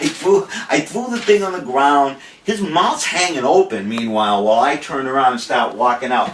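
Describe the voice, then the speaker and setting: The older man speaks at a medium pitch, expressive and a bit bright, at a moderate pace. As a cannabis activist giving a farewell video, he first says goodbye and then tells his audience a boastful, profane, theatrical story, heard through a distant mic in a roomy space with faint noise.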